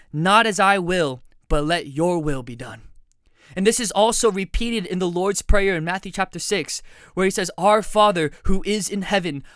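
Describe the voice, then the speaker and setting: A man's voice: high-pitched, fairly bright tone, clear, resonant tone, dry recording. A man preaching a sermon, earnest and direct, putting questions to his listeners.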